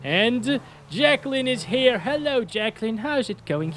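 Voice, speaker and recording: A man hosting a gaming channel, giving casual, chatty gameplay commentary that is excitable and full of laughter. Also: extremely high pitch, a little slow, a little hiss or hum.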